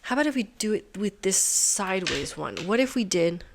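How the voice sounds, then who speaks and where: A woman's voice: mid-range voice, sing-song, normal speed, vocal fry, background noise. A woman hosting a puzzle channel, talking to herself as she solves, muttering, swearing and laughing at herself.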